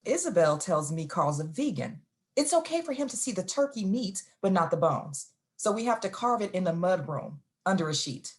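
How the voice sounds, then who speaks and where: A woman's voice: fairly low pitch, big pitch swings, normal speed. An actress playing a dry, grumbling mother who is annoyed by her daughter's boyfriend in a stage play. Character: put-upon mother hosting her daughter's vegan boyfriend. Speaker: stage actor.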